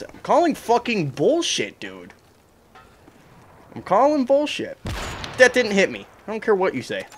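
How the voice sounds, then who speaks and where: A man's voice: mid-range voice, a bit bright, a little hiss or hum. A young man ranting and swearing in frustration while commenting on his own gameplay. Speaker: gaming streamer.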